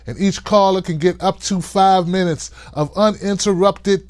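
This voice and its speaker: A man's voice: high-pitched, steady tone, unhurried, no room sound. Hyped-up male talk show host. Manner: hyped, playful, hollers shout-outs to viewers. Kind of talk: live-stream talk show monologue.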